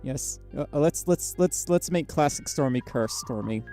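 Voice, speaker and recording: Tired, quiet livestreamer, mellow voice. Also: expressive, soft background music. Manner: quiet, low-energy, halting with many fillers. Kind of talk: casual livestream chat with viewers. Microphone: microphone very close to the mouth inside a costume head.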